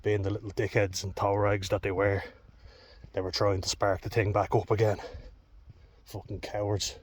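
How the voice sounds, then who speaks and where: A man's voice: lowish voice, level tone, moderate pace, slight background noise. A young Irish man telling a personal story in a vlog, heated, candid and full of swearing. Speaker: vlogger.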